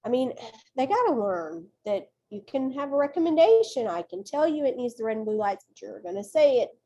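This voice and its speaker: A woman teacher presenting at a conference, telling classroom stories in a chatty, folksy, expressive way. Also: fairly high pitch, fairly quick, lo-fi sound. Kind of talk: animated classroom storytelling.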